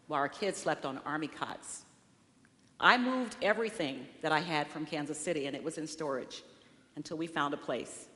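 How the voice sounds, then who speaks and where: A woman in her sixties giving a sermon as guest speaker in a church sanctuary, telling a personal story in an expressive storytelling way. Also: deep voice. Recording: long reverberant hall.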